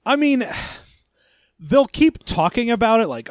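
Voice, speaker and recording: A man's voice: extremely high pitch, very animated, slow, dry recording, studio quality. A man co-hosting a podcast, chatting casually with wry, sarcastic banter. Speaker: podcast co-host. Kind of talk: casual chat recapping a novel.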